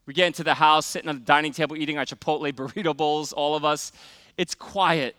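A middle-aged man preaching a sermon, telling a personal story in a casual, conversational way and dropping to a hush for emphasis. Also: fairly high pitch, fast talker, no echo. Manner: conversational storytelling, many fillers, drops to quiet for emphasis. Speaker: pastor.

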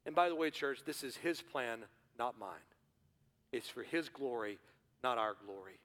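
A man preaching a sermon as pastor in a church, building to forceful repeated refrains. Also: mid-range voice, lively intonation, normal speed. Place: church sanctuary. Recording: hall reverb.

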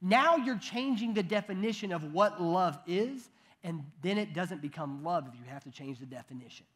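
A man's voice: high voice, expressive, moderate pace, fairly bright tone. A man in his thirties preaching a sermon in a conversational way, with joking asides and frequent restarts. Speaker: pastor.

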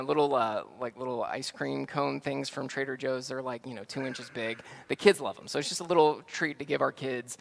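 A man preaching as a pastor in a relaxed, conversational way, telling a story full of fillers and restarts. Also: mid-range voice, vocal fry. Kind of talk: sermon.

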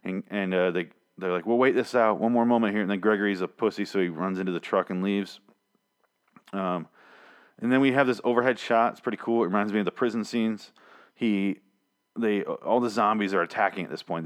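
A man hosting a podcast, giving a rambling, sarcastic recap of a TV episode with lots of swearing. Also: low voice. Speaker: podcast host reviewing a TV episode. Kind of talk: casual spoken recap.

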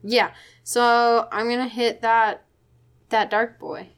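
A woman's voice: a little high, fairly even intonation, slow pace, a crowd in the background. A woman playing a tabletop game with friends, reacting in a dramatic, exclamatory way. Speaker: player. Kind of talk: casual game chat.

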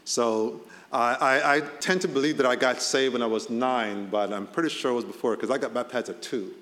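A Boston-area pastor preaches a sermon conversationally in a church hall, his voice rising to stress key points. He speaks briskly in a mid-range, fairly bright voice, and the recording has long hall reverb.

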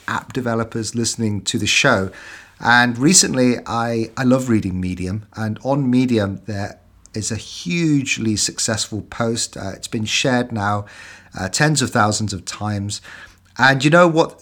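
A man's voice: medium pitch, fairly bright tone. Man, podcast host, casual interview, chatty and upbeat. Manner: upbeat, chatty, laughs while reading aloud.

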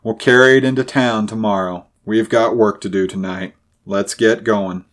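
A man's voice: lowish voice, fairly even intonation, moderate pace, a bit bright, close to an everyday voice. A man voicing a blunt, grim character who speaks curtly and snappishly. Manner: curt, snappish.

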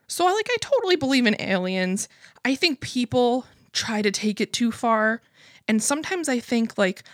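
A young American woman rambles through a comedic podcast monologue, swearing freely and breaking into laughter at her own tale. Her voice sits at an ordinary middle pitch for a woman. It is recorded close and dry, with no room sound. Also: no echo. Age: young adult. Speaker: podcast host.

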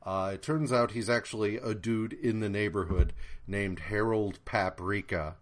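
A man's voice: on the low side, fairly even intonation, measured pace. A man co-hosting a podcast, rambling through a comic book recap in casual, profane chat with lots of fillers. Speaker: podcast co-host.

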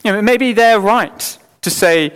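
A man preaching a sermon in an earnest, emphatic way, sometimes dropping suddenly to a quiet voice. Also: high voice, unhurried, clear, resonant tone. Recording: long hall reverb.

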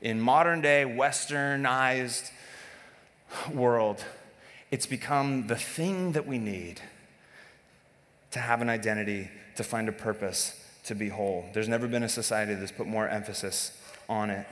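A man's voice: fairly low pitch, moderate pace, big-room sound. A man preaching a sermon to a congregation, in a conversational, joking way with many restarts and fillers. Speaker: pastor. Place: church service.

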